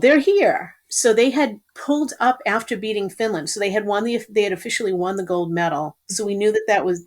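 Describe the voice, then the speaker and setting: A middle-aged woman tells rambling stories from long ago in casual podcast talk. Her voice sits at a medium pitch, and her telling turns lively at the high points. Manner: animated, rambling anecdotes. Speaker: podcast guest. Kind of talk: casual storytelling.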